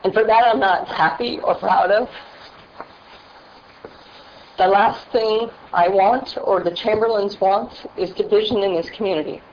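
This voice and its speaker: A woman's voice: mid-range voice, moderate pace. A woman from a funding foundation giving an earnest, emotional public comment at a board hearing. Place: public board meeting room. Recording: muffled meeting-room audio with faint hiss.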